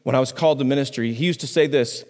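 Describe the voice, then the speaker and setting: A man, a pastor, preaching a sermon on a microphone in a conversational way, restarting phrases and swinging his pitch up and down for emphasis. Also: racing, a little mellow, in a large hall. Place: church sanctuary.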